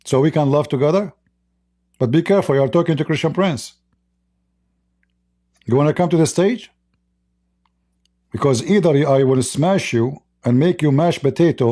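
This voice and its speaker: A man with a fairly high-pitched, dark-toned voice hosts a live-stream religious debate, preaching to callers and taunting those who challenge him.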